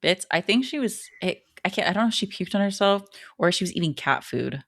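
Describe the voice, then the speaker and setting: Give me a low-pitched woman co-host in casual chat, rambling and acting out quotes in a dry, close recording. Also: lively intonation, gravelly, fairly bright tone, no echo. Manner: chatty, many likes and ums, acts out lines in quick bursts. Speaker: podcast co-host. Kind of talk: casual chat recapping a horror film.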